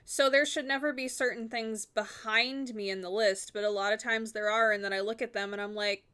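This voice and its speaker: A woman's voice: a little high, fairly even intonation, fairly quick, sharp tone, clear, resonant tone. A woman streaming a game, chatting casually and rambling with lots of filler words. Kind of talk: casual chat while gaming.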